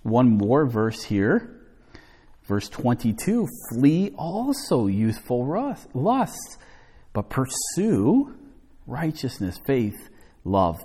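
A man's voice fills a reverberant sanctuary as he preaches at an unhurried pace. His delivery swings from low to high to drive each point home. The tone is mellow and a little husky. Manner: slow, emphatic reading with lively rises and falls. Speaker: pastor. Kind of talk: expository sermon with scripture reading. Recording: long hall reverb.

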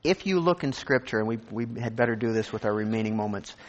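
A man preaching a sermon, animated and conversational, acting out scripture verses and imagined voices. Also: medium pitch, fast, in a large hall, muffled recording. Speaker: pastor.

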